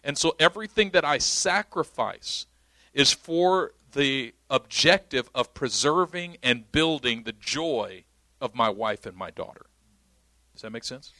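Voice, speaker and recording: An unhurried, expressive mid-range voice with a sharp tone carries this young pastor's sermon teaching, captured in a dry recording. He explains emphatically and frequently checks his listeners' understanding.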